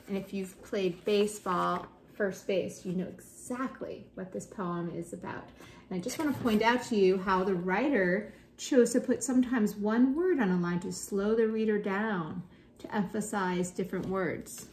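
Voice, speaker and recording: A woman's voice: medium pitch, measured pace, a little hiss or hum. Woman teacher reading poems aloud. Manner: expressive reading, gentle explanatory asides. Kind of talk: read-aloud poetry lesson.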